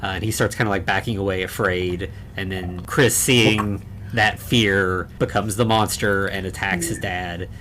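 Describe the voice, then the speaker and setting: Male podcast co-host, low voice, loose rambling film-recap delivery. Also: fairly even intonation, a little slow, fairly bright tone, slight background noise. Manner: rambling, many fillers and restarts. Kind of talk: casual chat recapping a horror film.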